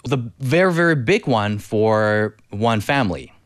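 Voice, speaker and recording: A man's voice: lowish voice, expressive, unhurried, no room sound, studio quality. A man posing a quiz question and teasing out the answer options in casual chat. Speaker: quiz presenter.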